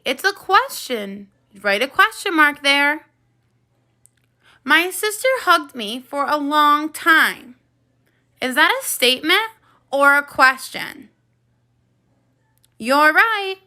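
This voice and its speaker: A woman teaching first graders on video, with a high, very bright voice. She speaks slowly and clearly and keeps encouraging the children as she goes. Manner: slow, clear, encouraging classroom delivery. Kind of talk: video phonics lesson for children.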